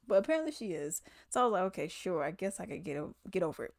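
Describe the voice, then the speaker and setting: A woman's voice: fairly low pitch, sing-song, quick pace, a little mellow, no echo, studio quality. A woman in a casual, chatty commentary vlog, talking in slangy asides. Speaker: commentary vlogger. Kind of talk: casual chat.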